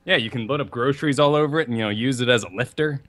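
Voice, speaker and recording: A young man co-hosting a casual gaming podcast, telling rambling, animated stories. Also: mid-range voice, rapid-fire. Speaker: podcast co-host.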